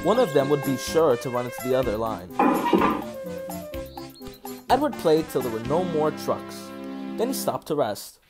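A man narrating a classic children's storybook in an expressive, animated read-aloud manner. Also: mid-range voice, moderate pace, pauses often. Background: soft background music and birdsong.

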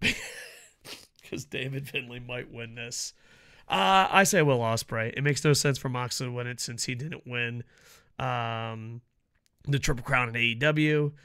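A wrestling vlogger delivers a casual, profane rant previewing upcoming matches, mocking as he goes and swinging between loud outbursts and low mutters.

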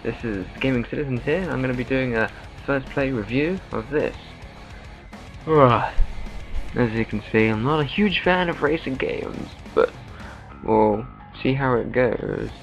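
A man's voice: medium pitch, unhurried. A man hosting casual gameplay commentary, joking and blurting out reactions and swears as he drives. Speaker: gaming channel host. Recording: dull, lo-fi mic over game music. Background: game music.

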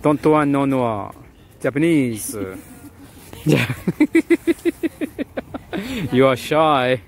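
A man vlogging outdoors in a city park, chatting with passers-by in an excitable way and repeating words and phrases. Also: mid-range voice, slow pace, a little hiss or hum. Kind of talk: casual vlog chat with passers-by.

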